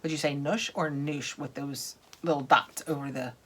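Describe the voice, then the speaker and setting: A woman's voice: rumbling low, fairly even intonation, fairly quick, a bit bright, breathy edge. A woman in her thirties chatting through an unboxing, gushing and laughing, sometimes dropping to a whisper. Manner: chatty, gushing, laughs often, drops to whispers while sniffing. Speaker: unboxing vlogger. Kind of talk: casual unboxing chat.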